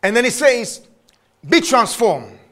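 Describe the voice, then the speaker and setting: A male preacher with a very high, bright voice delivers a sermon in an unhurried, deliberate rhythm. He leans on repetition and stretches out his stressed phrases, and his pitch rises and falls expressively. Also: sing-song.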